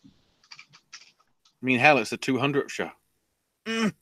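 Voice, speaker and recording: A man's voice: medium pitch, big pitch swings, takes it slowly, fairly bright tone, no echo. A man co-hosting a podcast, rambling through wrestling news in a casual chat full of fillers. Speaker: podcast co-host.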